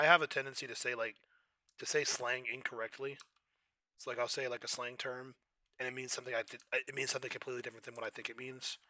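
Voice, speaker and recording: A young man chatting casually while he plays a game on stream, loud in his reactions and often clearing his throat. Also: medium pitch, no echo, studio quality. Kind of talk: casual gameplay commentary.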